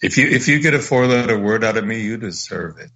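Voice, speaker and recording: Man, low husky voice, rambling radio talk, dull lo-fi sound. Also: animated, fast talker, bright, forceful tone, slight background noise. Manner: rambling, digressive.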